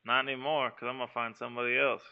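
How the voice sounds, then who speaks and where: A man hosting a casual podcast, teasing a caller loudly and joking around. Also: mid-range voice, little pitch movement, rapid-fire, narrow, tinny audio. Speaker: podcast host. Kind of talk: casual podcast chat with prank phone calls.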